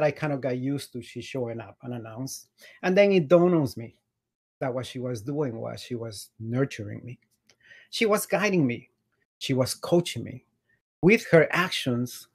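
A man's voice: medium pitch, husky, poor audio. A man who works as a career and executive coach, giving a conference talk with slides and telling a story with emphatic repetition.

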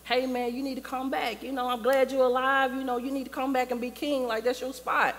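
An urgent young lioness pleading and persuading, as a man puts her on, pitched higher than his already high voice. The church hall reverb hangs behind it. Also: level tone, fairly quick, a bit bright. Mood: urging.

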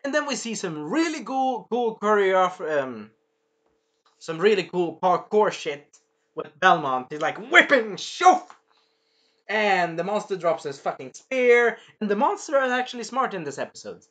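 A man casually recapping an episode, animated and swearing, acting out lines and sound effects as he goes. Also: high voice, normal speed. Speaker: show reviewer.

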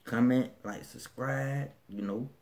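Gravelly Birmingham, Alabama man vlogging. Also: medium pitch, slow pace, darkish tone. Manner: laid-back slangy talk with many restarts. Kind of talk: casual accent-tag vlog.

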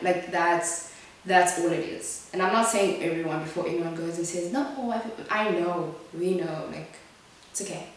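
A woman's voice: fairly low pitch, slight background noise. A young woman from South Africa chatting frankly while doing her makeup, her voice rising sharply when she gets upset. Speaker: beauty vlogger. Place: small echoey room. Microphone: camera mic at a distance. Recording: echoey room, distant mic.

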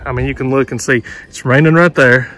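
A man narrating a casual hiking vlog outdoors on a handheld camera, excitedly pointing out the views to viewers, sometimes out of breath. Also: mid-range voice, brisk. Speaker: vlogger. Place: outdoors at rocky overlooks.

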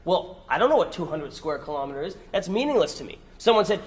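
A man's voice: fairly high pitch, sing-song, fast talker, hardly any pauses. A man giving a persuasive workshop lecture, asking his audience rhetorical questions and repeating points for emphasis. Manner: emphatic repetition. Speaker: workshop presenter.

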